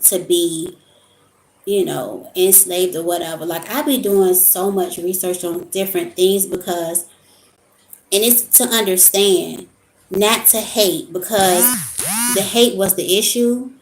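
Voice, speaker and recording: This woman's voice sits on the low side and moves unhurriedly, with slight background noise and room echo. In a casual vlog monologue, she rambles about spiritual topics in a storytelling style.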